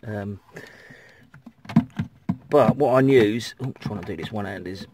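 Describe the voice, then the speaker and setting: A man's voice: fairly low pitch, unhurried, background noise. A middle-aged man, chatting and rambling as he vlogs from his campervan, swearing now and then. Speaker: campervan vlogger. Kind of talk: casual rambling vlog chat. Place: outdoors by a campervan in the sun.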